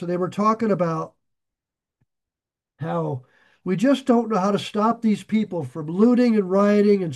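A man's voice: high voice, darkish tone. A middle-aged man preaching, reading scripture aloud and paraphrasing it in plain everyday words. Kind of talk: Bible teaching sermon.

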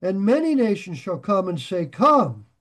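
An older pastor preaches at an unhurried pace, his voice high and full of life. He keeps things simple and down-home, cracking jokes between Bible readings and booming louder whenever he reaches a key point.

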